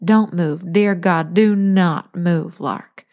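A woman's voice: medium pitch, lively intonation, normal speed. A woman voicing an elegant, self-assured older grandmother who speaks emphatically and gives firm orders. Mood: commanding. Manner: emphatic, bossy.

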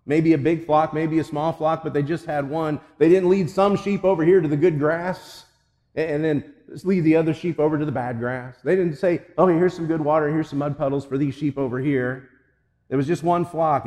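A man's voice: fairly high pitch, a little mellow, long reverb tail. A male pastor preaching a sermon, telling a story and then pressing emphatic, repeated questions on the congregation.

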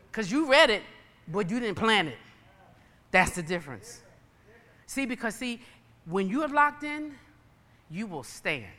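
A woman's voice: fairly high pitch, bright, forceful tone. A woman preaching a sermon, emphatic and rhythmic, addressing the saints with repetitions. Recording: long hall reverb.

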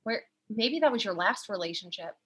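A woman's voice: mid-range voice, expressive, moderate pace, a bit bright, husky. A young woman in casual conversation, speaking candidly, swearing often and acting out quoted exchanges. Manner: candid, frequent swearing, acts out quoted dialogue. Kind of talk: casual chat.

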